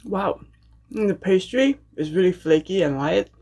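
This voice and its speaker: A woman with a somewhat low voice hosts an ASMR mukbang from her apartment. She talks casually and without hurry, filling the pauses between bites with soft murmurs of enjoyment. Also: expressive. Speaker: mukbang host. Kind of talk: casual ASMR eating chat. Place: home apartment.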